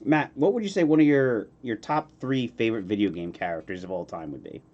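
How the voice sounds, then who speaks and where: A man hosting a casual streamed interview, relaxed and halting, reading questions from chat. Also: on the low side, muffled recording. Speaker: podcast host.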